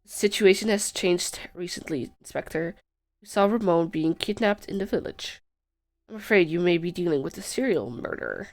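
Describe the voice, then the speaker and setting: A woman reading a gentlemanly male professor detective's lines aloud in a formal manner. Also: on the low side, lively intonation, moderate pace. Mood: earnest. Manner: reads game dialogue aloud, formal.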